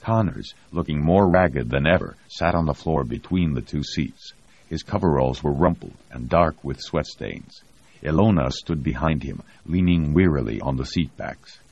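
A man narrating an audiobook in a steady, even way. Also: a bass voice, normal speed, vocal fry. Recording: dull lo-fi audio.

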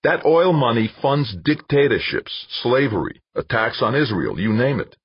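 A man's voice: fairly low pitch, normal speed, slightly rough, dry recording, voice pushed up, full character voice. A man doing an eager, crafty PR man. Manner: wheedling, insistent, excitable. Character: eager crafty male PR director. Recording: dull lo-fi dry recording.

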